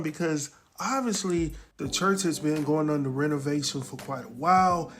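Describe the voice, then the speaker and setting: A man recapping a TV episode in a casual, animated way, exclaiming and chuckling as he talks straight to his viewers. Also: a little high, normal speed, few pauses.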